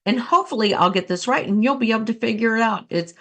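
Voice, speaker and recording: A woman's voice: fairly high pitch, fast. A woman hosting a laughter yoga session, cheerfully coaxing listeners and breaking into bursts of laughter.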